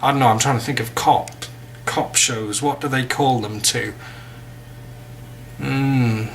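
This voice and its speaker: A man's voice: medium pitch, steady tone, takes it slowly, a little hiss or hum. An English man giving a casual vocabulary lesson, chatty with joking asides. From England. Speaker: English teacher.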